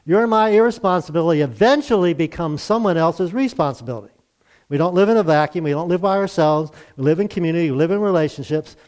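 A man's voice: fairly high pitch, animated, quick pace, a little mellow. A middle-aged male pastor giving a sermon in a conversational way, with fillers and questions to his congregation.

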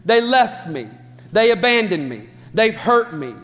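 A man preaching a sermon as pastor, impassioned and building to shouts. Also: high voice, very animated, measured pace. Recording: long hall reverb with faint music.

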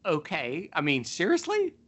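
A man's voice: a little high, wildly swooping pitch, normal speed, a bit bright. A man hosting a podcast, telling stories in a casual, rambling way with lots of fillers. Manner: rambling storyteller with many fillers. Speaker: podcast host. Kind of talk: casual chat and storytelling.

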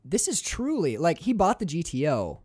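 Podcast host, male, animated and profane, dry close-miked sound. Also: a little high, normal speed, slightly rough, dry recording. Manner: excitable, swears freely, acts out scenes. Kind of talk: casual film discussion.

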